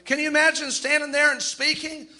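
A male preacher with a very high, piercingly bright voice delivers a fervent sermon. He acts out the people he quotes and stretches key words for drama. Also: flat delivery, a little fast.

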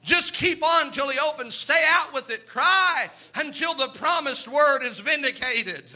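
A man's voice: very high voice, expressive, measured pace, pushed and bright. A man preaching a fervent sermon, acting out the people in his stories.

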